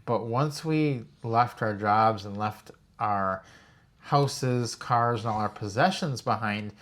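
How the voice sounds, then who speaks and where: A man's voice: fairly low pitch, slow pace, a bit bright. A man co-hosting a travel vlog, steadily explaining things to the camera and listing examples one after another. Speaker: co-host of a retirement travel channel. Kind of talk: casual explanatory chat to camera.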